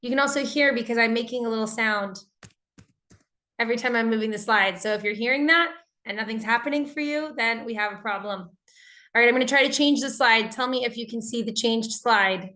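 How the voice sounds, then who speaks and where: An American woman teaching an online English class, speaking in a friendly, energetic way and talking with her students through the chat. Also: a little high, fairly quick.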